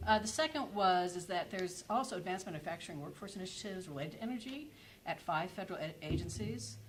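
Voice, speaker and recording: Lower-voiced woman presenting on a panel. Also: lively intonation, fast talker, slight background noise, low-quality recording. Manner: hesitant, many fillers and self-corrections. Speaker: energy policy panelist.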